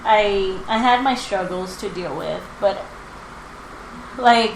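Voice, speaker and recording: A woman in her twenties chatting casually and telling a story, animated, with lots of fillers and acted-out quotes. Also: mid-range voice, slow. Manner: animated, filler-heavy, acts out quotes with laughter. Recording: roomy with background noise.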